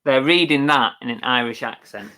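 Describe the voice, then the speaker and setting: A chatty man co-hosts a casual livestream and reads viewer comments aloud. His voice sits at a middling pitch for a man. He thinks aloud, agrees easily and restarts his sentences as he goes. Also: normal speed, sharp tone. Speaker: co-host of a live reselling show. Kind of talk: casual live-stream chat, reading viewer comments.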